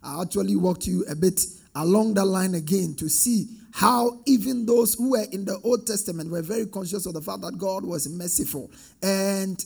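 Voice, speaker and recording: A man's voice: sits high, creaky, darkish tone, slightly rough. A man preaching a sermon with call-and-response, rising into sing-song emphatic swells.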